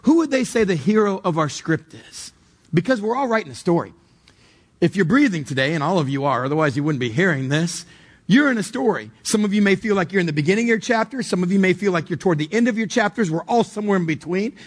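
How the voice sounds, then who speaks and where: A man's voice: high-pitched, animated, quick pace. A male pastor delivering a sermon in a conversational, emphatic way, asking the congregation direct questions.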